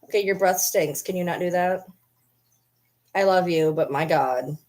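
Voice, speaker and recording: A woman's voice: fairly low pitch, normal speed, a little mellow. A woman in a casual home vlog talks to the camera. She teases her pet dog in a doting, playful voice and switches easily into baby talk. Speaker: vlogger.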